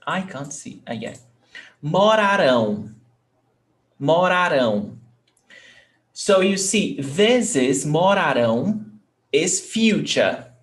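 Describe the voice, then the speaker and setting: A man teaching an online language class. His voice sits a little high for a man, and he speaks in an unhurried, deliberate way. He breaks his explanations with frequent check-ins to make sure his students are following. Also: lively intonation. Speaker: Portuguese teacher.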